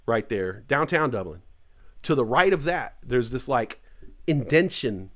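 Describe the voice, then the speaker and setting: A man's voice: medium pitch, animated, a little slow, fairly bright tone. A middle-aged man from California's East Bay hosting a casual live-stream morning show, rambling and joking. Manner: rambling, joking, puts on tough slang voices.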